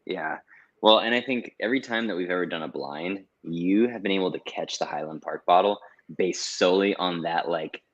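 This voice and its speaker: A man's voice: deep voice, normal speed. A man co-hosting a casual tasting chat, teasing and joking dryly. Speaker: co-host. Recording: dull lo-fi sound.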